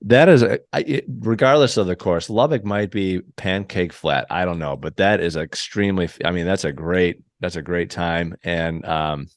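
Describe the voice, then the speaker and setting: A man's voice: low voice, normal speed, few pauses, no echo. A man hosting a podcast, talking casually and rambling a little as he searches for words. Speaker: podcast host. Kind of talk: casual interview chat. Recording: dry close sound.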